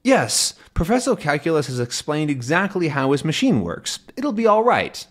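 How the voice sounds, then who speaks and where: A man voicing a brave, level-headed young male reporter from a comic, reading the lines in a bright, earnest way. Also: on the high side, big pitch swings, moderate pace, pitched above the performer's own voice.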